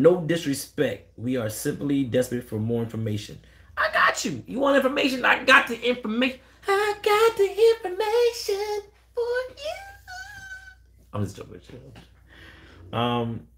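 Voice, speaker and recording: A man, a dog breeder answering questions on a casual live stream, blunt and animated, quoting callers in a raised voice. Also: fairly low pitch, slight background noise.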